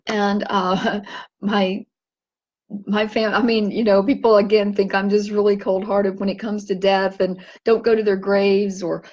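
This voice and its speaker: A woman telling a personal story in a gentle, halting way, teary and with her voice breaking. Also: mid-range voice, little pitch movement, dull audio. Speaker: vlogger sharing a personal story.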